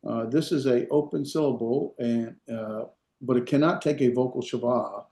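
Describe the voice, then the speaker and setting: In an echoey room, a Hebrew instructor gives a classroom lecture in a mid-range, warm voice at normal speed. He explains things step by step, uses lots of fillers, and keeps checking that his students are following.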